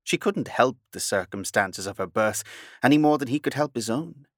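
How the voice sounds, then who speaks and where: A man narrating a novel aloud with a measured storytelling delivery. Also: medium pitch, lively intonation, no room sound, studio quality. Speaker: audiobook narrator. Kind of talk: scripted narration.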